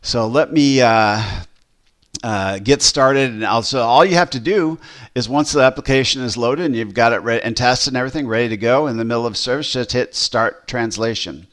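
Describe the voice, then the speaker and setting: A man who pastors, casually walking through a software demo, rambling with fillers and restarts. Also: mid-range voice, normal speed.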